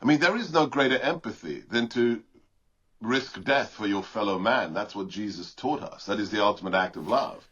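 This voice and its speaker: A man's voice: fairly low pitch, expressive, moderate pace, a bit bright, slightly rough, lo-fi sound. A man from Britain, a guest giving combative, emphatic political commentary in an interview.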